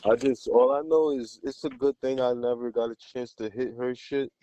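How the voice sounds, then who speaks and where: A man's voice: mid-range voice, steady tone, normal speed, dark tone, slight background noise, rough recording. A man co-hosting a podcast, bragging crudely in casual banter and laughing often. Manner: crude, boastful, laughs a lot. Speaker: podcast co-host.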